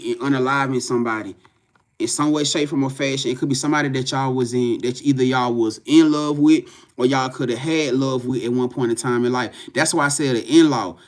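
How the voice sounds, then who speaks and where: A man giving a live spiritual reading to viewers, talking in a profane, repetitive, animated way. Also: mid-range voice. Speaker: tarot reader.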